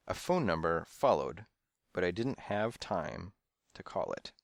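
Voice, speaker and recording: Male audiobook narrator, low-pitched, animated and playful, first-person storybook read. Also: a little slow, creaky, dry recording, studio quality. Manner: expressive, playful storytelling with lively swings.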